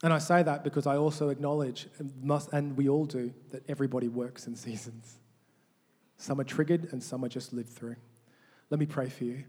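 A man preaching a sermon as pastor, animated, often restarting and repeating words as he leads the congregation in call-and-response. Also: mid-range voice, fairly quick, slightly rough. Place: large church hall. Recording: long hall reverb.

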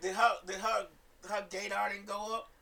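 A man's voice: sits high, little pitch movement, normal speed, vocal fry, crowd noise. A man co-hosting a podcast, gossiping and laughing often. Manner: gossipy, laughs often, reads comments aloud. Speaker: podcast co-host. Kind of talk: casual chat.

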